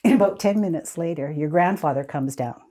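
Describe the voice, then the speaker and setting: A woman in her seventies from the Squamish Nation, telling childhood stories in a relaxed interview, often laughing. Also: low voice, brisk. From Squamish Nation, Canada. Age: 70s. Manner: animated, laughing, restarts sentences. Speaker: community elder guest. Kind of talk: conversational storytelling.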